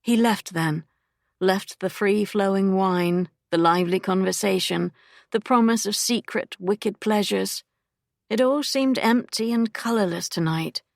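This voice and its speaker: A woman narrating a romance audiobook in an unhurried, measured way. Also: mid-range voice, creaky, no echo, clean studio sound. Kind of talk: scripted narration.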